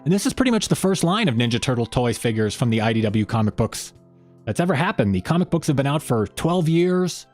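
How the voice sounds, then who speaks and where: A man's voice: medium pitch, lively intonation, a little fast, darkish tone, soft background music. A man hosting a fan channel live stream, chatting in a rambling, friendly way and reading chat messages aloud.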